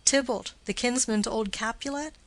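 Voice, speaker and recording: A woman reading the lines of a calm, steady young nobleman in a storybook reading, in an even, lightly expressive voice. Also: a little high, normal speed, no room sound, natural voice.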